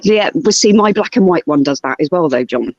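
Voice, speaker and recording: A man's voice: on the high side, expressive, fairly quick, a little hiss or hum. A man chatting casually on a stream, talking animatedly about his cats. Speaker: stream participant. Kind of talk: casual chat. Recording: dull lo-fi stream audio.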